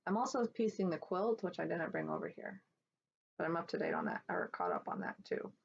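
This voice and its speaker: A woman with a lowish, gravelly voice chats casually at home, rambling through fillers and restarts as she shows her work. The recording is dull and lo-fi, with a faint hiss of background noise. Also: huge pitch swings, a little fast. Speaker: cross-stitch vlogger. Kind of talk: casual show-and-tell chat.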